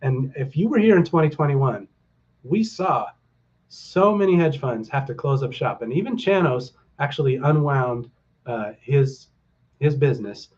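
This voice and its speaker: A man's voice: mid-range voice, lively intonation, unhurried, darkish tone. Middle-aged male stream host, loose and upbeat, fills gaps with ums, rallies his viewers; slightly dull home-mic sound. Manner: rambling, upbeat and rallying, with many fillers. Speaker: stock market livestream host. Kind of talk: casual livestream chat to viewers.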